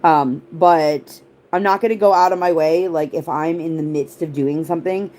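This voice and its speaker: A woman's voice: deep voice, normal speed, dark tone, slight background noise. A woman of around forty chatting casually on a livestream, rambling through tangents, answering viewer comments and leaning on the word "like.". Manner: rambling, tangent-prone, heavy use of "like". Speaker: livestream host.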